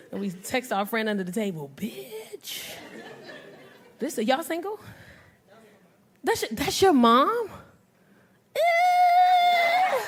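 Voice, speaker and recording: A middle-aged woman works a comedy club crowd with brash, profane banter. Her voice sits high and swoops all over the place. Loud audience laughter rolls in behind her. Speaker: stand-up comedian. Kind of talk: live stand-up set with crowd work.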